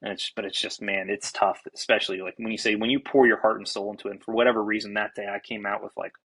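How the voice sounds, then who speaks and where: A young man, a baseball pitcher and podcast guest, telling a story in an animated, casual way, swearing freely and restarting his sentences. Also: quick pace, husky, poor audio. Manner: animated, self-described fiery, swears freely, many restarts.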